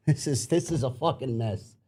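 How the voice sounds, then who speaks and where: A man's voice: mid-range voice, measured pace, mellow, breathy edge. A man co-hosting a casual livestream, flustered and cursing while he sorts out audio trouble. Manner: flustered, swears, repeats himself. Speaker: podcast co-host.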